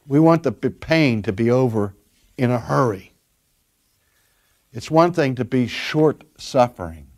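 A man's voice: mid-range voice, a little mellow. An older man, a pastor delivering a sermon and telling stories earnestly, stretching out key words for emphasis.

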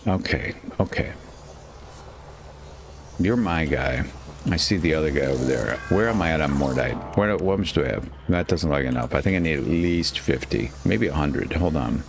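A man's voice: rumbling low, animated, normal speed, vocal fry, slight background noise. A man hosting his own gaming channel, giving casual, chatty commentary over his play, talking to his character and poking fun at himself. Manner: chatty, self-mocking, talks to his character. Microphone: headset.

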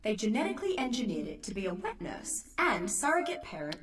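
A calm game narrator. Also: female voice, on the high side, a little fast. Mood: informative. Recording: distant game audio with loud ambience.

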